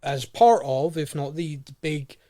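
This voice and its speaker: Animated male podcast host. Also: fairly high pitch, unhurried. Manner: excitable, acts out characters' lines. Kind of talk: casual chat.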